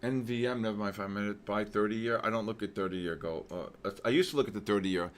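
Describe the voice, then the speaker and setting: A man hosting a live trading session, excitedly shouting out viewers' names with heavy market jargon, then dropping to weary muttering over questions. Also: fast talker. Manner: drops to low, weary muttering while reading questions. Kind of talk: live trading-stream commentary.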